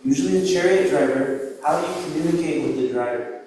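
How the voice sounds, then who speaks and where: A man's voice: a little high, fast talker, a little mellow, a little hiss or hum. A man giving a sermon, telling a story and asking the audience rhetorical questions. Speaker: preacher. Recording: echoey hall, voice far from mic.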